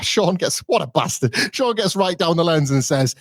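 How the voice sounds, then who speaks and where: A man's voice: fairly high pitch, very animated, normal speed, few pauses, dry recording, clean studio sound. A man co-hosting a podcast, retelling events in a chatty, wry and digressive way. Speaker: podcast co-host. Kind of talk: casual podcast review.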